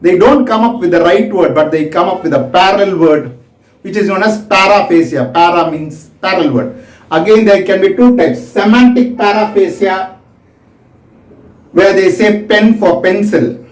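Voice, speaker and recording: Guy teaching medicine, highish voice, slow and careful, roomy echo. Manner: slow, explanatory, acts out examples. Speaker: medical lecturer. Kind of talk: recorded medical lecture. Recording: echoey room, voice from a distance.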